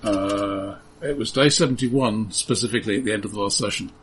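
A man's voice: on the low side, brisk, a bit bright, a little hiss or hum. A man playing in a tabletop game, chatting casually in a matter-of-fact, detail-minded way. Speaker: player.

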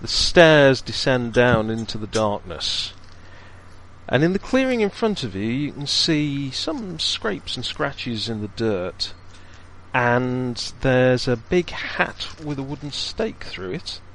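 A man running a tabletop game, describing scenes in measured phrases with thoughtful pauses. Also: mid-range voice, very animated, fairly bright tone, slight background noise. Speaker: game master.

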